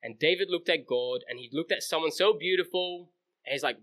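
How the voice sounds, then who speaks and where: A man's voice: on the high side, a little fast, fairly bright tone. A man in his twenties giving a casual youth sermon at a camp, telling stories in a chatty way full of fillers like "like". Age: 20s. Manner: chatty storytelling, many fillers like "like". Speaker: camp speaker.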